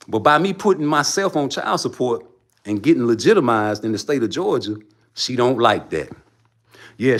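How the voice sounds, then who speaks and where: A man ranting on his livestream, profane and preachy, swinging between loud outbursts and low mutters. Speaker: livestream host. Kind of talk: heated casual rant.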